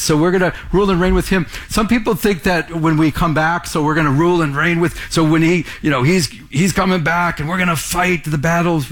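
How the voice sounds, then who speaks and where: A man preaching a sermon in a conversational way, often repeating words and asking the congregation questions. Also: on the high side. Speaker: pastor.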